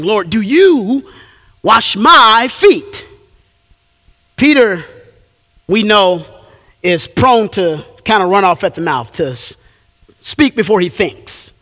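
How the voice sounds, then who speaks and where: A man preaching a sermon in a high, lively voice that swoops up and down. He stretches out his key phrases for emphasis, and his voice rings with the long reverb of a large hall. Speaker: pastor.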